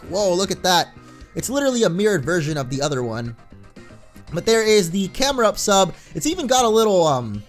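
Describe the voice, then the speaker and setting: A man narrates his video game run in casual, chatty commentary, sounding excitable and laughing often. His voice sits high for a man and bounces around a lot in pitch. Faint music plays underneath. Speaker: let's play host.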